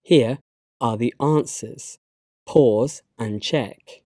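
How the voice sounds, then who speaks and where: A man with a British English accent, narrating a slide lesson and giving learners instructions in a measured, instructive way. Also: mid-range voice, a little mellow, no room sound, clean studio sound. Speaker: English teacher.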